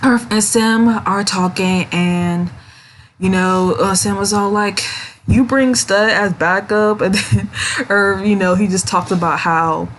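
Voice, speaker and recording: A woman's voice: medium pitch, fairly even intonation, slow, a little hiss or hum. Giggly chatty woman recapping a show. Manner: chatty, giggly, does voices for the characters. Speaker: series reviewer. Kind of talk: casual recap vlog.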